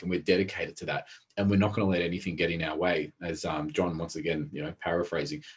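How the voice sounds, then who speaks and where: A man talking as an interview guest, telling stories in a fast, animated way. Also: low voice, slightly rough. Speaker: interview guest, behavioural specialist. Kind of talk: casual interview talk.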